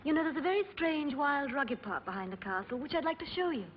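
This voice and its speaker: An actress playing a fragile, anxious aristocratic wife in dubbed film dialogue, pleading and nervous. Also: female voice, high voice, expressive, fast, slight background noise. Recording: dull old film soundtrack.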